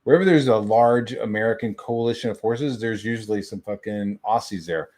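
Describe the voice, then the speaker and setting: A man's voice: on the low side, brisk, darkish tone. Foul-mouthed rambling young man. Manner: crude, rambling, heavy swearing. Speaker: stream guest. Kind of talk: profane ranting stream talk.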